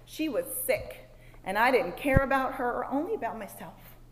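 A fairly high-voiced woman tells a personal story as a sermon to a room of women. She swings from soft, almost whispered asides to big loud exclaims. Her voice rings out with a long hall reverb over faint background noise. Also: expressive, normal speed. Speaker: women's ministry speaker.

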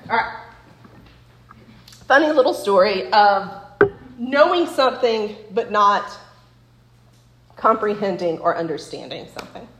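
Speaking to a women's Bible study, a woman in her forties shares stories in a relaxed, talkative way, often laughing and checking in with "right?" She has a high voice. The echoey room recording carries a little hiss or hum.

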